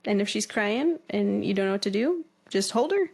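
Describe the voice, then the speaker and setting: A woman's voice: medium pitch, lively intonation, moderate pace, gravelly, darkish tone, breathy edge. A woman co-hosting a casual podcast chat, a supportive listener who often murmurs agreement and adds earnest, reflective remarks. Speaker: co-host.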